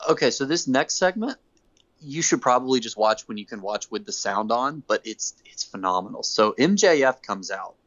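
Brief: male host, casual recap, lively swooping voice, dull lo-fi recording. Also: medium pitch, moderate pace. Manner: animated storyteller, acts out quotes. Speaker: podcast host. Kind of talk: casual wrestling recap chat.

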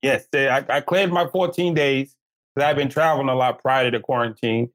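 A man answering in a casual interview, relaxed and easy. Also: medium pitch, fairly quick. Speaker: guest. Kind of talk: casual interview over video call.

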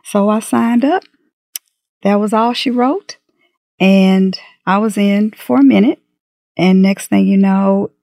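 A middle-aged woman candidly recounting a personal story in an interview, animated and acting out the dialogue. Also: fairly low pitch, vocal fry, no echo, studio quality. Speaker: guest.

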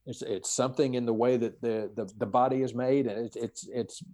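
Mellow-voiced man speaking slowly and carefully. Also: medium pitch, steady tone. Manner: measured, hesitant, many fillers, word-searching. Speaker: podcast guest, spiritual teacher. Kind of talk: casual conversation.

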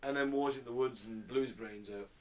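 A man's voice: mid-range voice, quick pace. A British man co-hosting a casual podcast, telling stories bluntly and swearing freely, recorded in a living room. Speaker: podcast co-host. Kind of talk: casual chat.

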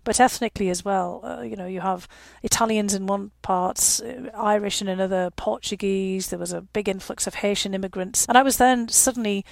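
A woman in her fifties with a Northeast English accent speaks in a gravelly voice, recorded dry and close. She answers an interviewer thoughtfully, filling her pauses with "you know" and laughing wryly now and then. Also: mid-range voice, fairly even intonation, no room sound. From northeast England. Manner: reflective, frequent "you know" fillers, wry laughs. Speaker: guest.

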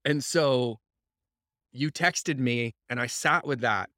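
A man's voice: mid-range voice, slow, pushed and bright, no room sound, clean studio sound. A man hosting a podcast, chatting casually and emphatically, swearing freely and often. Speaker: podcast host. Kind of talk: casual chat.

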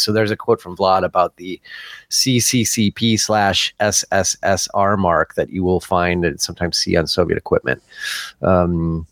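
A man's voice: low voice, dry recording. A man co-hosting a podcast, casually reading out listener comments with many uhs and little chuckles. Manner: easygoing, chuckling, hesitant with uh and um. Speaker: podcast co-host.

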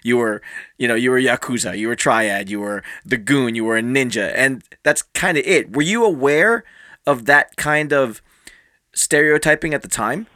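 A man interviewing a guest, asking measured, leading questions. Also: medium pitch, lively intonation, pushed and bright, dry recording, studio quality.

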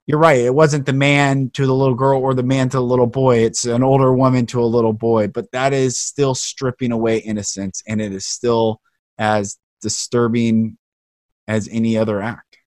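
A man's voice: mid-range voice, flat delivery, moderate pace, darkish tone, dry recording, studio quality. A man hosting an interview podcast, talking in an earnest, emotional, heartfelt way. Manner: earnest, emotional, speaks passionately. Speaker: podcast host.

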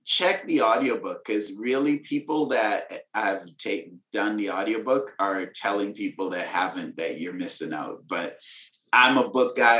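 Deep-voiced laid-back man. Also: echoey room. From Venezuela. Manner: relaxed, laid-back slang, laughs between thoughts. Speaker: musician and author guest. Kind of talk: casual interview chat.

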